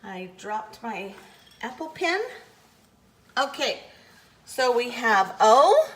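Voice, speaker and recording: Very slow, patient woman teaching phonics. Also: fairly high pitch, very animated, a bit bright. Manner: patient, over-enunciated letter sounds. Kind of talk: slow, deliberate phonics lesson.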